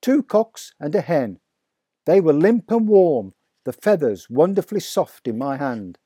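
A man narrating a children's story aloud in a vivid, expressive reading. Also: a little high, slightly rough, no room sound, studio quality. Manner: slow, deliberate, vivid storytelling. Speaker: audiobook narrator.

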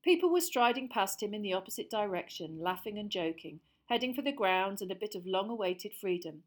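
A woman narrating an audiobook in a measured, expressive storytelling voice. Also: mid-range voice. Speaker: audiobook reader.

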